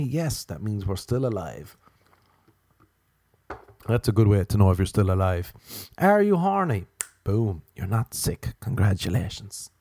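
A comedian in his 30s delivers a self-mocking comic monologue in a lowish, mellow voice, with no room sound. He rants, mocks himself and acts out his own inner voice.

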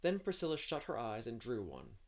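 Lively man reading a storybook aloud. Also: mid-range voice, a little fast. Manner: expressive reading with an added playful aside. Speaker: audiobook reader.

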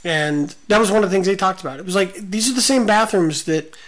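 A man's voice: sits high, fast. A man hosting a podcast in casual chat, rambling with many fillers. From Los Angeles area. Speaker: podcast host.

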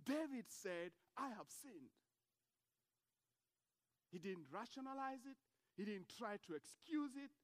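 A man preaching a sermon in a strikingly high voice, full of passion. He drops to hushed, earnest tones and then climbs into loud, emphatic declarations. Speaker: pastor.

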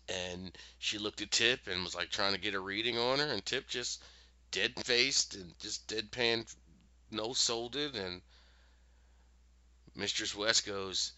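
A man casually retelling a show's plot and acting out the characters' lines in quick, animated voices. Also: lowish voice, smooth, dry recording. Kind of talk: casual recap storytelling. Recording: dull, lo-fi dry sound.

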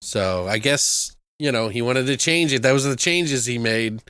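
A man hosting a casual chat, retelling a film with swearing, laughs and quotes acted out in high voices. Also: normal speed, smooth, dry recording, studio quality. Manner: animated storyteller, swears freely, acts out quotes in high voices. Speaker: podcast host reviewing a film.

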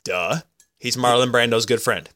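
A man's voice: mid-range voice, moderate pace, pushed and bright. A man co-hosting a casual podcast, rambling through goofy stories and sports talk. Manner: rambling, goofy, self-interrupting storyteller. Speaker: podcast co-host.

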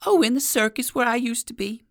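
A storyteller voicing a small, friendly male circus poodle in a high, eager storybook voice. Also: a little fast, dry recording, clean studio sound, lightly acted. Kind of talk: storybook reading.

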